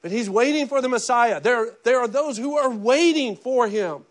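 A middle-aged man preaching with a high, light voice. He talks in a loose, conversational style, restarting phrases and dropping into little acted quotes as he goes. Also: normal speed. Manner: repeats words and restarts often. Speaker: pastor. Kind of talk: sermon.

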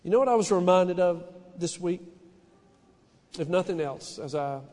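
A middle-aged pastor with a fairly high voice preaches earnestly, stumbling into restarts and lifting his emphasis as he presses a point. His words ring out with a long reverb, as in a large church hall. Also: normal speed, darkish tone. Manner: earnest, personal, with frequent restarts and rising emphasis. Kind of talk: sermon.

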